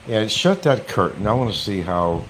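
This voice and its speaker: A man vlogging from a room in his home in casual chat, mocking and repeating his points slowly and deliberately. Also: lowish voice, big pitch swings, fairly bright tone, a little hiss or hum.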